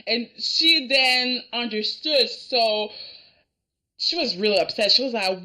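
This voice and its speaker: A woman talks through a family drama episode at a slow, easy pace. Her voice sits a little high and bright, and she slips into the characters' lines as she goes, laughing along the way. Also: lively intonation. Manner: chatty, acts out characters' lines, laughs often. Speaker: reaction video host. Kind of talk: casual recap of a TV drama.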